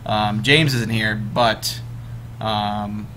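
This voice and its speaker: A man's voice: on the low side, steady tone, very slow, sharp tone, a little hiss or hum. A young man hosting a casual group chat, rambling with lots of fillers and restarts.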